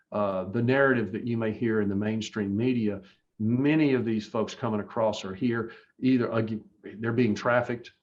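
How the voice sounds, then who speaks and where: A man's voice: fairly low pitch, a little mellow, dull audio. A man running for office, answering interview questions in an earnest, emphatic way with frequent restarts. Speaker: political candidate.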